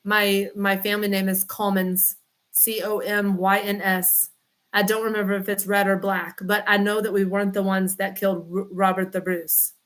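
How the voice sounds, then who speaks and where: A woman's voice: mid-range voice, flat delivery, normal speed, fairly bright tone. A woman, a chiropractor chatting casually on a livestream, rambling and greeting viewers by name. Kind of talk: casual livestream chat reading comments.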